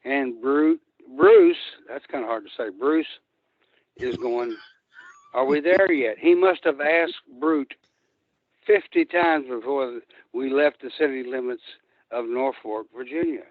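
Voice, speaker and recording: A man's voice: medium pitch, animated, slow, no echo. Older man, phone caller, rambling profane storyteller, tinny phone line, dry sound. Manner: rambling, profane road stories. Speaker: guest wrestler.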